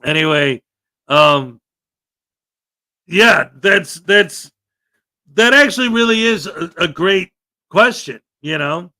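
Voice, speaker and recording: A man hosting a live-stream reaction chat, excitable and goofy, laughing and shouting playfully. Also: high-pitched, slow, pauses often, no echo, clean studio sound. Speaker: host.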